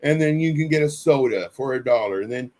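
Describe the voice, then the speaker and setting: A man's voice: medium pitch, lively intonation, a little fast, a little mellow. A man co-hosting a casual live stream, telling stories earnestly with many fillers and restarts. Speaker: co-host.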